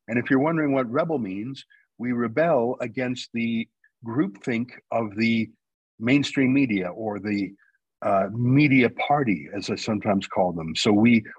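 Guest spot: husky, dry-sounding man from Canada, opinionated, presses his points hard. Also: mid-range voice, dry recording, dull audio. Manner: argumentative, emphatic, builds points with rhetorical questions. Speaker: guest, news company founder. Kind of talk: radio interview talk.

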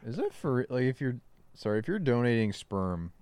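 A man's voice: medium pitch, very animated, brisk, a little mellow, smooth, no echo. A man co-hosting a podcast, easygoing and giggly in casual chat. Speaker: podcast co-host.

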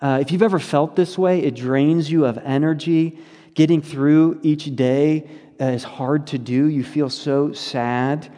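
A pastor speaks to his congregation in an earnest, conversational sermon, full of fillers. His voice sits a little high for a man. The sound carries a long reverb from the church sanctuary. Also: steady tone, unhurried, dark tone.

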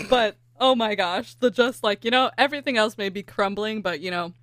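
Californian woman host, animated, laughs a lot, dry close sound, casual chat. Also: mid-range voice, moderate pace, no echo. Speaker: podcast host.

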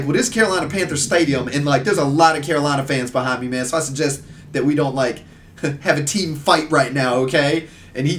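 Casual guest, male, higher voice, slightly off-mic, tells long stories with lots of "um, uh". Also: distant mic. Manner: rambling, animated storytelling with lots of fillers. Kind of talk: casual storytelling.

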